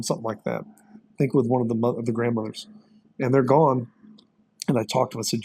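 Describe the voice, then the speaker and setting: Male pastor and ex-cop, 50s, earnest storyteller, halting and emotional. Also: medium pitch, fairly even intonation, darkish tone, a little hiss or hum, poor audio. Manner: earnest, self-described crier, halting with many fillers. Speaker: pastor and former police officer.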